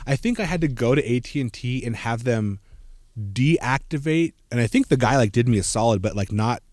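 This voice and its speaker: A man's voice: mid-range voice, animated, fairly quick, darkish tone, no echo, studio quality. A man in his thirties telling a personal travel story in casual podcast chat, rambling with many fillers and acting out other people's lines. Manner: rambling, many fillers, acts out quoted voices. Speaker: podcast co-host.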